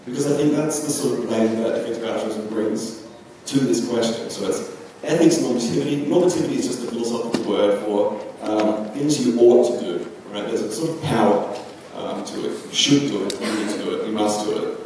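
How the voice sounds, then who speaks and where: Young man, conference talk, mellow tone, long hall reverb, faint room noise. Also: lowish voice, fairly quick. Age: young adult. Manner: loose, chatty, full of ums. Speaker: conference speaker. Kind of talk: philosophy talk. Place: large lecture hall. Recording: echoey hall from far off.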